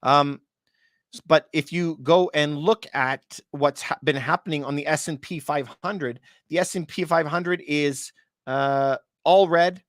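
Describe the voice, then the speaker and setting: A man's voice: on the high side, fairly even intonation, measured pace, a bit bright, no echo, clean studio sound. A man in a casual monologue, explaining the economy to his viewers with rhetorical questions and now and then a short laugh at the absurd parts. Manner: chatty, rhetorical questions, addresses viewers as you guys; laughs at points he finds absurd. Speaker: real estate and market commentator.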